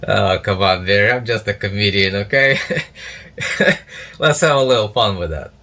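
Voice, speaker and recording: A man's voice: lowish voice, slow pace, pauses often, sharp tone. A man with a Russian accent mocking someone sarcastically, calling himself a comedian. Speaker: self-styled comedian.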